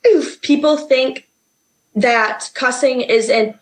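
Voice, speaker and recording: A woman answers interview questions, explaining things in a plain, direct way. Her voice sits a little high. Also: takes it slowly.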